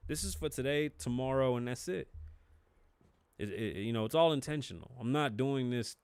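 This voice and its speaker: A man's voice: mid-range voice, animated, moderate pace, smooth, dry recording. A man in his thirties with a New York accent, hosting a solo podcast and ranting with blunt, profane emphasis. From the Bronx, New York. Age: 30s. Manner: profane, fired-up and emphatic, swings between shouting and muttering. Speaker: podcast host. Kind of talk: opinionated solo podcast rant.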